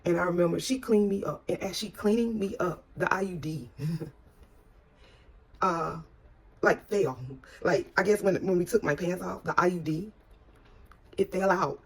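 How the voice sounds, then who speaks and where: Gravelly husky woman telling a story. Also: lowish voice, normal speed. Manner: emotional, repetitive retelling, addresses viewers as y'all. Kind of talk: personal storytime.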